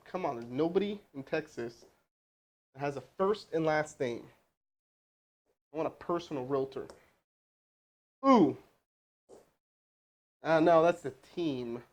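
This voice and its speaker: Unhurried and given to long pauses, a man with a voice on the high side makes a live cold sales call, then coaches his crew. His talk is casual and full of fillers and restarts, and his manner is energetic and rambling.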